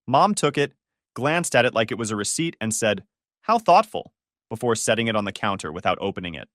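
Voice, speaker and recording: A man narrating a first-person story in an expressive, scripted storytelling manner. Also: fairly low pitch, quick pace, no echo, clean studio sound. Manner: expressive storytelling, shifting tone with the drama.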